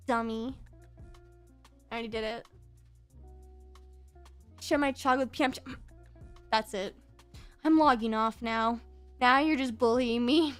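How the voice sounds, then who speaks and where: A high-voiced woman chats with her stream audience while drawing, teasing viewers with mock outrage. She swaps between rapid talk and slow, careful speech with breaths in between. Faint music plays softly under her voice. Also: clear, resonant tone. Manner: playful, shifts between very fast and deliberately slow speech; teasing, mock-offended outbursts at chat. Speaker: VTuber streamer.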